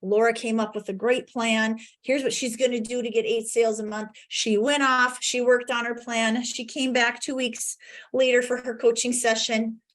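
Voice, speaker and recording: Lively woman coach giving a talk. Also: a little high, normal speed. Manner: energetic storytelling, acts out client's quotes. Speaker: conference speaker and coach. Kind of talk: virtual conference presentation.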